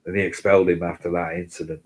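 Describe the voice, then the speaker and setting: A man telling rambling, sweary anecdotes in casual chat, getting louder as the story builds. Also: fast talker, background noise. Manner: sweary rambling anecdotes, gets loud and high when excited. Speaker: host.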